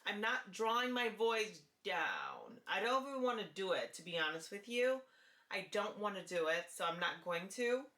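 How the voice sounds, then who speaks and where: A woman talking to camera in a casual vlog, with a light, forward-placed voice and an earnest, deliberate way of repeating her key points. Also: mid-range voice, big pitch swings, sharp tone, reverberant. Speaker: vlogger sharing voice therapy progress.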